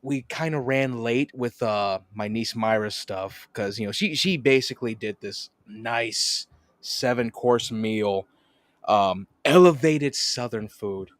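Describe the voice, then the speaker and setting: A man hosting a podcast in casual chat, an animated storyteller who swears and laughs often. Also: mid-range voice, slow, dry recording, clean studio sound. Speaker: podcast host.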